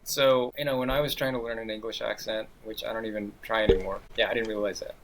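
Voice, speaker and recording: A man's voice: on the low side, little pitch movement, quick pace, noisy background. A man taking part as a podcast guest over a video call, joking in an easygoing way and laughing between remarks. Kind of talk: casual chat.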